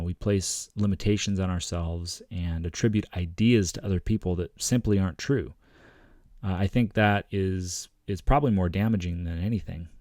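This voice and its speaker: Low mellow guy reading a self-help book out loud, calm and earnest, dry close sound. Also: dry recording. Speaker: self-help channel host.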